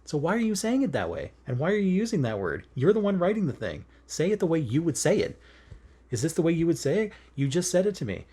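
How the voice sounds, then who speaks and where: A man's voice: on the high side, sing-song, fast, warm tone, husky. A man chatting casually while stitching in bed, rambling and earnest, with lots of fillers and frequent laughs. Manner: rambling and earnest, with many fillers and self-corrections; laughs often while talking. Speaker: cross-stitch vlogger. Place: in bed at home.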